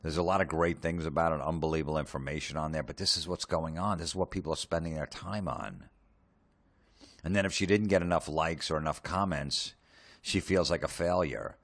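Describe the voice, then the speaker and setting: A man's voice: rumbling low, a little fast, fairly bright tone. A man delivering a profane, sarcastic comedic rant, mocking people in put-on voices. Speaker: comedian ranting.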